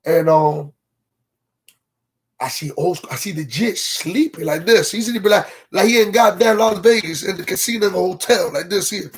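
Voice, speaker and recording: A man spins a long, rambling story on a casual livestream. His voice sits high and sounds a little husky. He talks loosely in slang and keeps asking his audience whether they follow him. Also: moderate pace. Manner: greets viewers from live comments mid-story.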